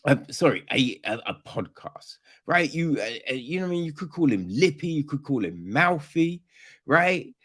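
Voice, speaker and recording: A podcast host with a fairly high, fairly bright voice that swings widely in pitch and has a breathy edge speaks at normal speed. He delivers a casual film review rant, rambling and profane, full of slang and restarts.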